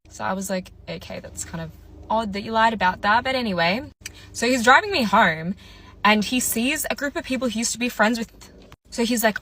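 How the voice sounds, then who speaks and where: Bright and forceful, with lively intonation and a slightly high voice, a young woman recounts a dating experience at a moderate pace. Her casual storytime is chatty and exasperated, and she performs both sides of the exchange in quoted dialogue.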